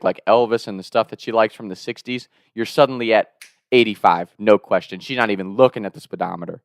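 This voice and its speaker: A young man in his twenties telling a wild story in a casual, animated way, swearing and laughing as he goes. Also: lowish voice, no room sound, studio quality. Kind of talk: casual spoken anecdote.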